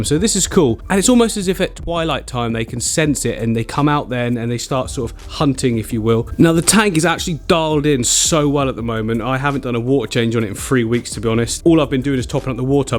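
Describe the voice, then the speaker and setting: A man hosting a casual aquarium vlog, chatty and excitable, laughing often. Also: mid-range voice. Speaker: aquarium vlogger.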